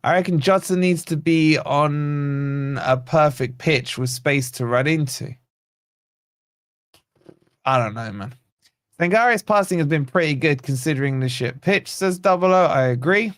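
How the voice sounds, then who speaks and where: A man's voice: on the high side, measured pace, no echo, clean studio sound. A man hosting a live football watch-along, bantering and reading viewer comments aloud. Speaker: host of a football fan channel watch-along.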